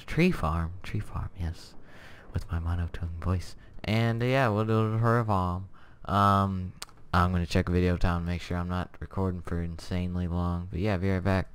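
A young man hosting a casual let's-play, chatty and excitable, with lots of fillers and little laughs to himself, keyboard clicks behind. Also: on the low side, slight background noise. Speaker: gameplay channel host. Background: keyboard typing and clicking.

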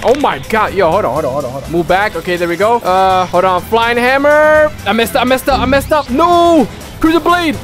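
A young man casually commentating his own gameplay, excitable and full of rapid repeated callouts. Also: high voice, soft background music. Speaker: gaming YouTuber.

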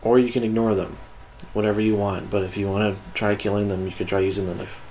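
A man's voice: lowish voice, little pitch movement, fast, darkish tone, a little hiss or hum, rough recording. A man in casual gameplay commentary, laid-back and laughing often as he gives a friend directions. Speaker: co-host guiding a gameplay playthrough.

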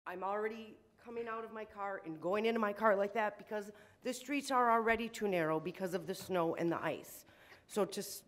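A woman's voice: mid-range voice, fairly quick. Shaky, upset woman at a hearing. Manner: emotional, shaky, indignant, many ums. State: shaking with emotion. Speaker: resident speaking at public hearing. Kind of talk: public comment at city meeting.

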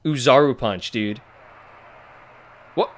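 A young man giving excited, profanity-laced commentary on his playthrough. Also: medium pitch, takes it slowly. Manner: hyped, swears a lot, frequent exclamations. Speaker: let's play gamer. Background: faint game music.

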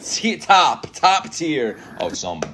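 A man's voice: a little high, big pitch swings, slow, background noise. A man reacting to an anime episode, talking back to the screen, swearing and getting emotional.

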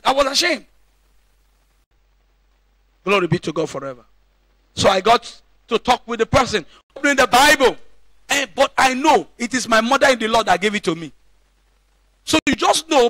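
High, bright-voiced preacher. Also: male voice, no room sound. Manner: emphatic preaching with repeated call-and-response questions. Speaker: pastor. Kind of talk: sermon. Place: church.

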